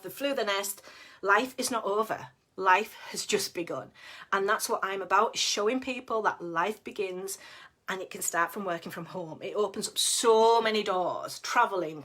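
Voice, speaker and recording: A woman's voice: fairly high pitch, sharp tone. A middle-aged woman giving a casual, blunt motivational talk as a team leader, chatty and down-to-earth with frequent laughs. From United Kingdom. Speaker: network marketing team leader.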